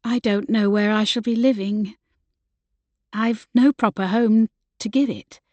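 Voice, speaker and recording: A woman's voice: mid-range voice, fairly even intonation, unhurried, darkish tone, dry recording, lightly acted. A woman voicing a young Regency lady in love, speaking shyly and a little tremulously. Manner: shy, tremulous.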